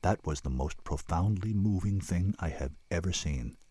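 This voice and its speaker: A man reading an audiobook, voicing a calm male military officer who speaks quietly and formally. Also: sits low, moderate pace, slightly rough, no echo. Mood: grave.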